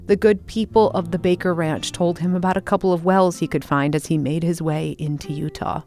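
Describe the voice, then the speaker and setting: A woman host reading scripted documentary narration in a measured, deliberate way. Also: lowish voice, fairly even intonation, darkish tone, faint music behind.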